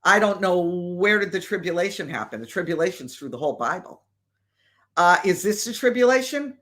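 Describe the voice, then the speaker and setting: A woman hosting a live stream and answering viewer questions in a casual, deliberate way with many fillers. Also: lowish voice, expressive, a bit bright.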